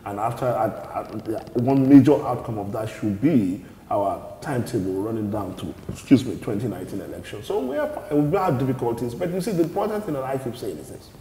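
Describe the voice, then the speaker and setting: There's a slight hiss or hum and a long, echoing reverb as a party spokesman answers interview questions. He sounds mellow and dark with an even pitch, measured and explanatory, often repeating words when restarting a sentence.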